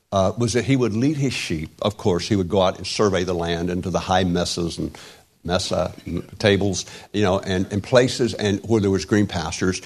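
Rambling older male preacher, lowish voice. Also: slightly rough. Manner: rambling, halting with many restarts, wry self-deprecating humor. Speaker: pastor. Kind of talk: informal sermon.

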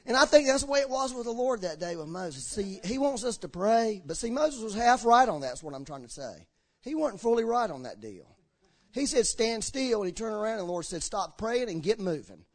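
Preacher guy, high voice that jumps all over, slurs his words, acts out the quotes. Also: big pitch swings, fairly quick. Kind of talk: sermon. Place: church.

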